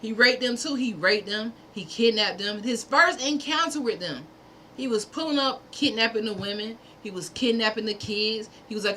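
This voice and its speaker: A woman's voice: a little high, moderate pace, sharp tone, slight background noise. A woman hosting a livestream, delivering a fervent, preachy monologue in repeated punchy phrases, sometimes profane. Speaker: livestream host.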